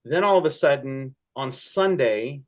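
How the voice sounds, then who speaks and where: A man speaking as a pastor in a conversational church discussion, earnest and halting, often restarting, with feeling rising in his voice. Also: mid-range voice, expressive.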